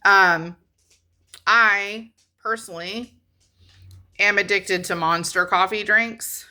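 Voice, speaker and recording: A woman's voice: mid-range voice, steady tone, slow, pushed and bright. A woman in her thirties telling a rambling, frank story to her camera, swearing casually and trailing off often. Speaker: vlogger.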